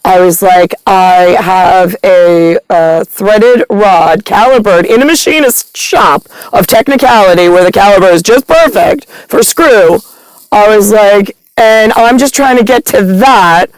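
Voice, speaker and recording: A woman's voice: mid-range voice, a little slow, clean tone, no room sound, low-quality recording. A woman telling a long, rambling personal story, retelling conversations line by line, with many fillers and restarts. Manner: retells conversations with quoted dialogue.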